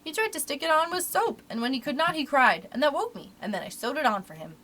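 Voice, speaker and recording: A woman reading aloud, voicing a gentle, wistful grown-up mother in a storybook. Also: high-pitched, sing-song, fast, voice pushed up. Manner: soft, wistful, tender.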